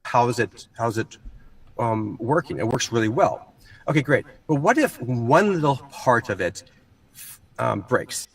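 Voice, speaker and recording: Man in a played clip, halting and meandering, breathy and off the mic. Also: mid-range voice, big pitch swings, distant mic. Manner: halting, full of ums. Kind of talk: rambling talk.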